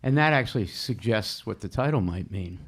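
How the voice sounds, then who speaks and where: A man's voice: on the low side, lively intonation, moderate pace, a bit bright, slightly rough. A man hosting a live webcast poetry seminar, enthusiastic and encouraging as he calls on speakers. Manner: enthusiastic, encouraging, laughs often. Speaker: seminar host.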